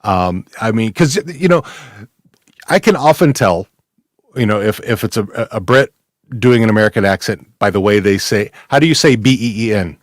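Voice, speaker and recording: A man's voice: lowish voice, expressive, dry recording, studio quality. A man hosting a podcast in casual chat, full of fillers and restarts, often laughing. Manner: halting, many fillers and restarts. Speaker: podcast host.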